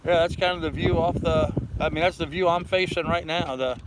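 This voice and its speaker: An older man hosting a relaxed livestream from his sailboat in a harbor, rambling easily and reading viewer comments aloud. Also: a little high, a little fast, heavy background noise. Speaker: vlog host. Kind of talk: casual livestream chat.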